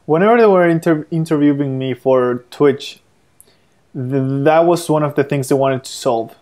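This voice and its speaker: A man's voice: on the high side, normal speed, warm tone. Man, casual podcast chat, hesitant, joking. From South America. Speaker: podcast co-host.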